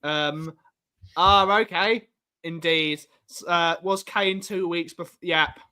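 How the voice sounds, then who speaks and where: Bright-voiced Welsh man, chatty. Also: fairly high pitch, takes it slowly, clean tone. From Wales. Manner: animated, banters and greets chat viewers. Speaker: co-host of a fan livestream. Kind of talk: casual chat.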